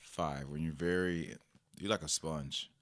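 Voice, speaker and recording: A man's voice: a bass voice, steady tone, a little slow, fairly bright tone, dry recording, studio quality. A man guest on a parenting podcast, telling family stories and acting out exchanges with animation. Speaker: podcast guest, personal trainer and father. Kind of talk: conversational podcast interview.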